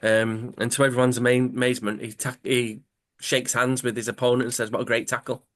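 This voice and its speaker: A man's voice: mid-range voice, flat delivery, a little fast, fairly bright tone. A man co-hosting a podcast, casually retelling a comic story with rambling self-corrections. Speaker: podcast co-host.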